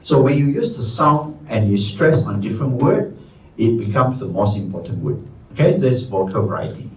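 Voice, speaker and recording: A man with a Malaysian English accent teaching a live workshop, energetic and conversational, stressing key words. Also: on the low side, normal speed. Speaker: trainer. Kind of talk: live presentation skills workshop. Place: training room. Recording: echoey room, distant mic, faint room noise.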